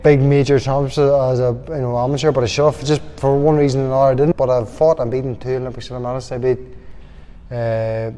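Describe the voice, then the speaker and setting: A man's voice: mid-range voice, flat delivery, quick pace, dark tone. A young man with a Northern Irish accent, a boxer telling rambling stories with laughs in a casual interview. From Northern Ireland. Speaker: boxer guest. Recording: long hall reverb.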